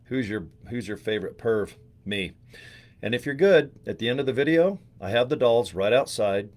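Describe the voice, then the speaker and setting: A man's voice: medium pitch, expressive, moderate pace. A man hosting a live stream in casual chat, joking and rambling with crude humor, recorded in his studio.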